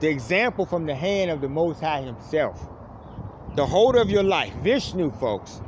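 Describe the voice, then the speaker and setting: Impassioned male preacher, animated delivery, tags phrases with a dropped-low "folks", faint urban noise in background. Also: moderate pace. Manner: fervent, says "folks" after nearly every phrase, voice dropping low on it. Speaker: preacher addressing online viewers. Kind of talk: impassioned spiritual monologue.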